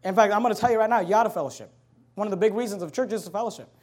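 A high-voiced pastor delivers a sermon in a forceful, direct way. He reads scripture slowly and loudly, then hurries through quick side remarks to his congregation.

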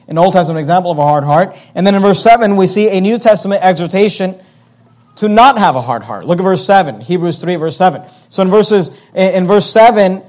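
A man with a notably high voice preaches a sermon at a church service. He speaks with emphasis, slowing down to stress words and repeating his key questions. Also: a little mellow. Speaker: pastor.

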